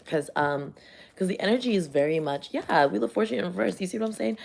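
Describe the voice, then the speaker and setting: Woman vlogger, low voice, loose profane rambling, tarot reading. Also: fast, gravelly, a little hiss or hum. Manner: rambling, profane, animated storytelling. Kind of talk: casual chat.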